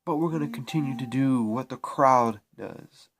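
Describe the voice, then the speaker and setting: A man's voice: medium pitch, normal speed, slight background noise. A man talking to camera in a spiritual vlog, preaching in a repetitive, emphatic way with frequent restarts. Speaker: spiritual vlogger.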